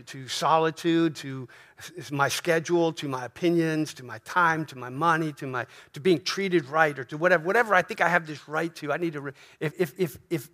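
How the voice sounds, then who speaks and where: A middle-aged man delivers a sermon in an earnest, conversational way. His voice sits a touch high. He often checks in with the listener and restarts his phrases mid-thought. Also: bright, forceful tone. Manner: earnest, conversational preaching with frequent "right?" asides and restarts. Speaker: pastor.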